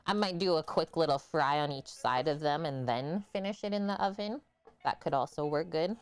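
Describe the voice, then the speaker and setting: A woman's voice: low voice, normal speed, clear, resonant tone, faint music behind. A woman hosting a live cooking stream in a home kitchen, chatting casually and explaining each step as she cooks.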